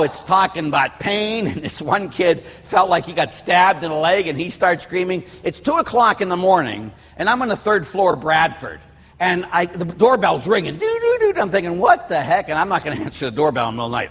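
A middle-aged priest from Pittsburgh preaches a sermon, wandering into personal stories with frequent restarts and asides. His voice sits a little high for a man and has a husky edge. The sound carries a long reverb, as in a church hall. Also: lively intonation, brisk, a bit bright. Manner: rambling storyteller, restarts and asides. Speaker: Catholic priest.

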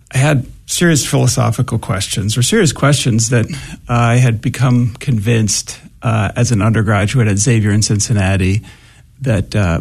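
A philosophy professor talks as a radio guest in a gravelly, husky voice. He answers thoughtfully and haltingly, filling the gaps with ums and uhs. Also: mid-range voice. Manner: thoughtful, halting, with many fillers. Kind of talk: radio interview.

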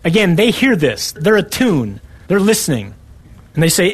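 A man's voice: high-pitched, sing-song, normal speed, husky, dry recording. A man preaching a sermon and reading scripture, emphatic and driving his points home with rhetorical repetition.

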